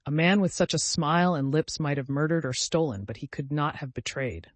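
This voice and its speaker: A man narrating an audiobook in a steady, measured reading voice. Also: fairly high pitch, no room sound. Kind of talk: scripted narration.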